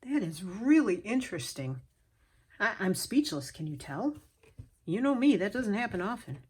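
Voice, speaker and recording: A woman's voice: mid-range voice, very animated, moderate pace, slightly rough. A woman craft vlogger opening a gift package on camera, gushing and gasping over each item and sometimes dropping to a whisper. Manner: gushing, exclaims and gasps. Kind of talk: casual unboxing chat. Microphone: camera on a stand, she moves it by hand.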